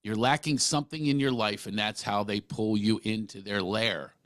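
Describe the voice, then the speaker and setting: A man's voice: lowish voice, steady tone, moderate pace, a bit bright, no room sound, studio quality. A middle-aged man hosting a podcast, talking earnestly and emphatically, often restarting his sentences. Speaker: podcast host. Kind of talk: casual interview talk.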